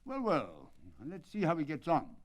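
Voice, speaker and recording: Imperturbable detective, quiet and precise, lively pitch, read by a male narrator. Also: moderate pace. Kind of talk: dramatic audiobook reading.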